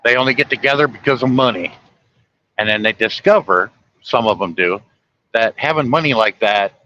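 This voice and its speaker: Chatty bright-voiced trucker man. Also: mid-range voice, lo-fi sound. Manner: chatty, folksy, opinionated. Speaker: truck driver livestreaming. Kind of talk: casual rambling talk to viewers. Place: truck cab on the highway.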